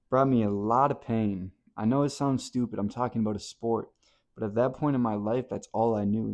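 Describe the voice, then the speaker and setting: A man speaking to camera in a slow, deliberate motivational talk. He is impassioned and blunt, with casual swearing, and his voice swings from hushed to loud. His pitch sits in a middle range.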